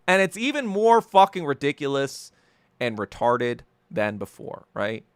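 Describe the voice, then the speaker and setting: A man's voice: mid-range voice, very animated, unhurried, clear, resonant tone, dry recording, studio quality. A man hosting a solo podcast, ranting heatedly and profanely, often stumbling and repeating words as he gets worked up. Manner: repeats and restarts words when agitated. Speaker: podcast host.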